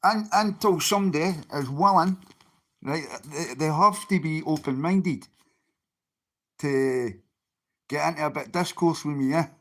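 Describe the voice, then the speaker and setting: A man's voice: on the high side, measured pace, long pauses, a bit bright. A Scottish man on a livestream, talking bluntly and swearing often as he answers people in his chat.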